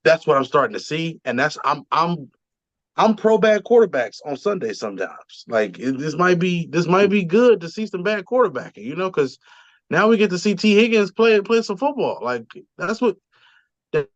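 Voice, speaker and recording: A man's voice: sits high, sing-song, normal speed, no echo, highs cut off. A man co-hosting a casual sports podcast, rambling with frequent ums and restarts. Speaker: podcast co-host.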